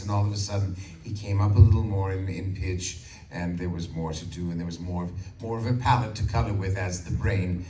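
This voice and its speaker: A man in his sixties, a voice actor telling animated stories on a convention panel and slipping into character voices. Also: low voice, moderate pace. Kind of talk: anecdotal panel storytelling. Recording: echoey hall from far off, loud crowd.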